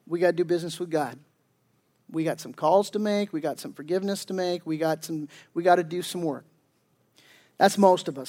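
A pastor with a high-pitched voice delivers a sermon in a conversational, emphatic style full of slang and frequent restarts. When he reads scripture, he slows down and becomes deliberate.

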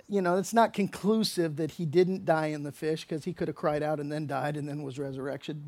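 A man preaching a sermon as pastor, explaining scripture in a casual, conversational way with humorous asides and acted-out dialogue. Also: fairly high pitch. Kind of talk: expository sermon.

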